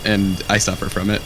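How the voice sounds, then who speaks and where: A man's voice: fairly low pitch, background noise. A man from the USA, a fellow streamer, chatting enthusiastically and laughing easily on a game call. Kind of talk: casual gaming chat.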